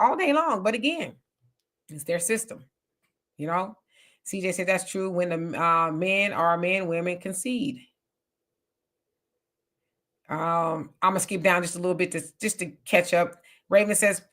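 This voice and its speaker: Chatty woman reading live comments. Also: lowish voice. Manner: chatty and animated, reacting aloud with laughs and exclamations. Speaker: livestream host reading viewer comments. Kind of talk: casual live chat.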